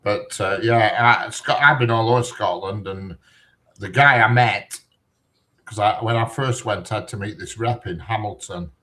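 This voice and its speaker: A middle-aged man chats casually, rambling and digressing from one point to the next with lots of fillers. His voice is fairly low, pushed and bright, at a moderate pace.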